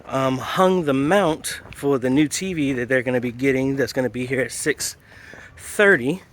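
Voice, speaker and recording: A man's voice: mid-range voice, moderate pace, fairly bright tone. A man talking casually to the camera while he works, calling his viewers folks and explaining each step as he goes. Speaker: AV installer vlogging a church job. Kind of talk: casual on-the-job vlog. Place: church building under renovation, indoors. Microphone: phone camera.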